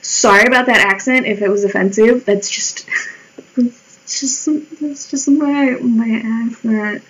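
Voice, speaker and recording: Slow-talking woman with a tiring voice. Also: a little high, steady tone, a bit bright, rough recording. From United States. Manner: rambling, swearing, self-mocking. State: voice wearing out. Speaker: livestreamer drawing. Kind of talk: casual chat while drawing.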